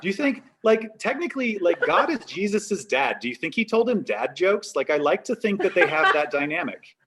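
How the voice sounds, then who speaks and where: A man in a stand-up comedy set, talking over a video call in a rambling, self-deprecating way. His voice sits a bit high. He fills his lines with "like" and "you know". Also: very animated, normal speed, a bit bright, a little hiss or hum. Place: home set-up on a live stream.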